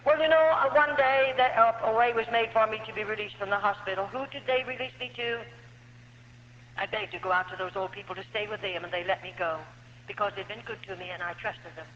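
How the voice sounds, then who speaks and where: A woman's voice: mid-range voice, fairly quick, a bit bright, a little hiss or hum. A woman giving a heartfelt personal testimony to an audience, telling her story earnestly with hesitations along the way. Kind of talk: emotional spoken testimony to an audience. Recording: echoey hall, dull lo-fi archive recording.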